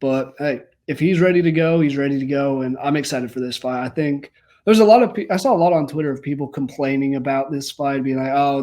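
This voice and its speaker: A young adult man co-hosting a casual MMA podcast, talking in a relaxed, conversational way that trails off softly. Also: medium pitch.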